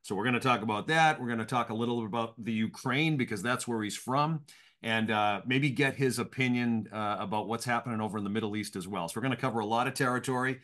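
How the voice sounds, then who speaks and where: A man's voice: mid-range voice, fast talker, a bit bright. A man hosting a podcast, opening with an upbeat conversational introduction and interviewing his guest. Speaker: podcast host.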